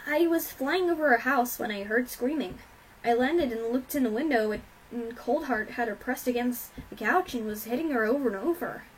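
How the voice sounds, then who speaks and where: A woman's voice: on the high side, lively intonation, moderate pace, far from the mic, slight background noise, natural voice, rough recording. Rainbow Dash, a brash pony, as a woman puts her on. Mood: urgent. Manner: loud, blunt, shouting. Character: brash tomboyish young female pegasus pony.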